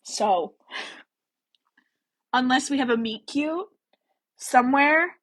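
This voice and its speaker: Husky, chatty woman hosting a live. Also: on the high side, moderate pace, poor audio. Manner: chatty, rambling, lots of "like" and "um"; giggly, self-deprecating. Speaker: host of a book-chat livestream. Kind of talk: casual livestream chat.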